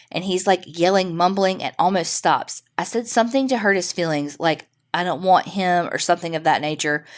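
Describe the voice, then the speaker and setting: Woman, podcast host, low voice, reading a true ghost story aloud, dramatic suspense pacing.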